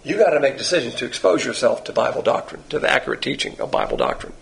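A man's voice: mid-range voice, wildly swooping pitch, fast, vocal fry, fairly bright tone, slight background noise. A man preaching a sermon as a Bible teacher. He talks bluntly and with emphasis, firing off rhetorical questions. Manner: pointed, confrontational preaching.

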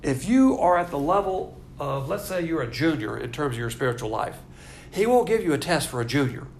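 A man leads a Bible class in a blunt, folksy manner, dropping wry asides between his points. His slightly high voice is gravelly and swings widely in pitch as he drives each point home. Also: lively intonation, brisk, a little hiss or hum.

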